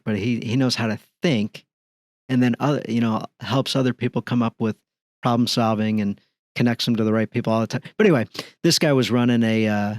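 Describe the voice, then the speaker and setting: A middle-aged man, a podcast guest, telling stories in easy conversation with an animated delivery. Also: medium pitch, dry recording, studio quality. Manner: animated, acts out dialogue in his stories. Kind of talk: conversational storytelling.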